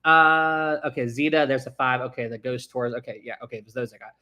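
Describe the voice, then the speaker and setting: A young man hosting a casual live stream, rambling and animated, often restarting his sentences and reading viewer chats aloud. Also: medium pitch, brisk.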